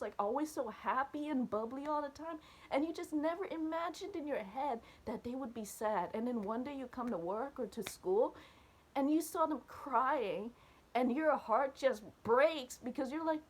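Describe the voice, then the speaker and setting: Chatty woman sharing a dream story, kinda high voice, lots of ums and restarts. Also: normal speed. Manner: animated, talks straight to viewers, many fillers and restarts. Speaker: church video speaker. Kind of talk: casual testimony about a dream.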